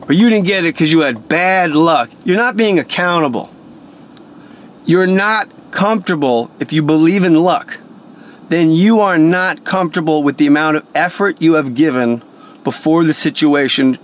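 Brief: male voice actor, punchy and profane storytelling, slightly high voice. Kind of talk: casual motivational storytelling.

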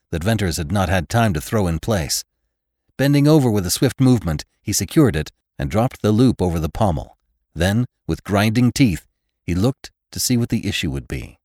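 A man with a very deep voice narrates a classic adventure tale in a measured, dramatic reading. He drops lower and quieter for the grim lines of his characters. The sound is dry and close to the microphone. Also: no room sound. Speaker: audiobook narrator. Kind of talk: scripted narration.

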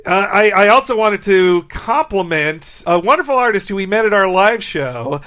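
A man's voice: high voice, expressive, normal speed, bright, forceful tone. A man co-hosting a podcast in casual chat, laughing often as he talks. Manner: laughs often, quotes lines in funny voices. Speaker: podcast co-host.

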